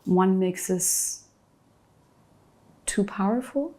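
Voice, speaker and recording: A woman's voice: mid-range voice, extremely slow, warm tone. A woman, a guest in an interview, speaking thoughtfully and searching for her words. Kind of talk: reflective conversation.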